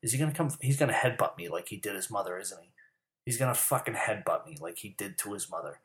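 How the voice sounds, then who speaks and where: A man's voice: on the low side, lively intonation, quick pace, a bit bright, echoey room. A man giving a heated, profane, rambling monologue about sports. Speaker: sports commentary host. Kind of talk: profane casual sports rant.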